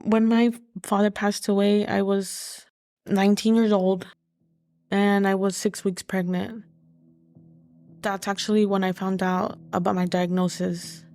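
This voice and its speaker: A young adult woman telling her own life story in a halting, hesitant way, full of fillers. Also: medium pitch, flat delivery, a little mellow, faint music behind. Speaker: podcast guest sharing her story. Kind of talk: personal testimony.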